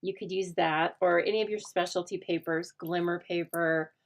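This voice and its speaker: Gravelly-voiced American woman chatting while crafting. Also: on the low side, fairly even intonation, moderate pace. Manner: chatty, thinks aloud, drops to a soft murmur while working. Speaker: craft host. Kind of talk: casual chat while crafting.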